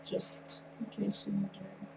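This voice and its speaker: A woman's voice: medium pitch, monotone, normal speed. A woman with a nasal voice from a cold, rambling and chatting with frequent laughs as she talks over her gameplay. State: recovering from a cold, tired. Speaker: video creator. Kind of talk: casual commentary over gameplay. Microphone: wrong mic, far from speaker. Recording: distant mic with clear hum.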